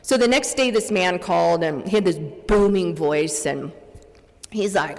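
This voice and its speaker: A woman's voice: fairly low pitch, measured pace. Earnest middle-aged woman, echoing hall. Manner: earnest storytelling, many restarts and quoted dialogue. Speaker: speaker at a recovery meeting. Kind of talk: personal recovery story told to an audience. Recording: long reverb of a large hall.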